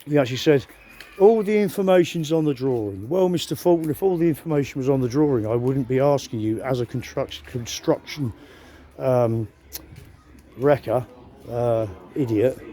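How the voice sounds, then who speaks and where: A man's voice: medium pitch, moderate pace, warm tone. A man giving a rambling, aggrieved, profane monologue straight to camera as a vlogger.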